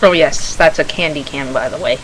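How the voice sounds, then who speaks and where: A woman's voice: deep voice, moderate pace, a bit bright, slight background noise, low-quality recording. A woman vlogging to camera in a rambling, chatty way, correcting herself as she goes, with a slightly froggy throat. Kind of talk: casual chat to camera.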